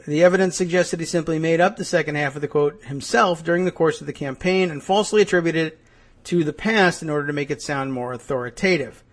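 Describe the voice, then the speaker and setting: A man hosting a podcast, musing wryly through political commentary with frequent hesitations and dry asides. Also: a little high. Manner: wry, musing, sardonic with frequent "uh" and "I guess". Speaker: podcast host.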